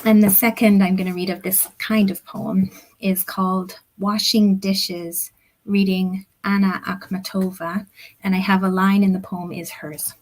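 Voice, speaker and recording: Slow, deliberate woman reading poetry. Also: mid-range voice, level tone, low-quality recording. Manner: slow, deliberate reading that drops at times into soft, near-whispered phrases. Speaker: poet reading her own work. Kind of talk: poetry reading at a book launch. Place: home, on a video call. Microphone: computer or headset mic on a video call.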